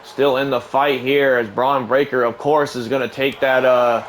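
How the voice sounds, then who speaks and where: Excitable man calling wrestling play-by-play. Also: medium pitch, normal speed, slight background noise, low-quality recording. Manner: excitable, bursts louder on big moves. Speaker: host commentating a wrestling video game.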